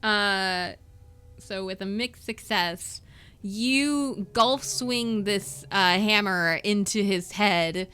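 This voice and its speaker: Woman GM narrating a tabletop game, bright and casual, easygoing delivery. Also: mid-range voice, very slow, smooth. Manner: casual, loose narration with many "like" fillers. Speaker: game master.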